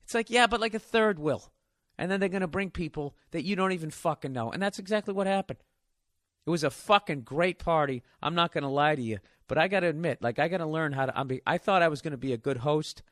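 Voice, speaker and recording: A man's voice: fairly high pitch, expressive, quick pace, fairly bright tone, no echo, clean studio sound. A man in his forties telling stories in a casual, profane, rambling monologue as a podcast host. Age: 40s.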